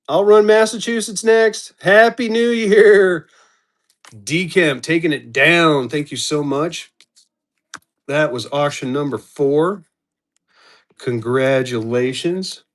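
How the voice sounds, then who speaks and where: A man hosting a live-stream auction, chatting casually and calling out bidders as they come in. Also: a little high. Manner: upbeat, chatty, calls out bidders.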